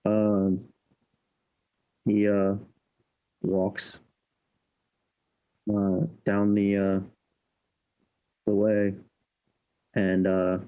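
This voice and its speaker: A man with a mellow, low voice narrates what his character does in a tabletop role-playing game. He talks haltingly, with lots of filler words. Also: rough recording. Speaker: player.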